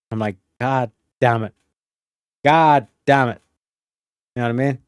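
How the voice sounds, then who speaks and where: A man's voice: a little high, darkish tone, clear, resonant tone, dry recording, studio quality. A man from Ireland, a streamer reacting to clips in casual, heated, swearing commentary. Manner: heated, swears a lot, acts out voices.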